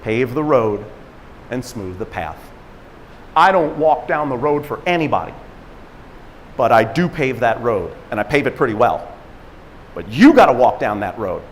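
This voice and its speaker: A man giving an energetic motivational talk at a conference, acting out quotes and laughing at himself as he tells stories. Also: mid-range voice, normal speed, pauses often, in a large hall, a little hiss or hum. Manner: animated storyteller, acts out quotes, laughs at himself. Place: conference stage in a large hall.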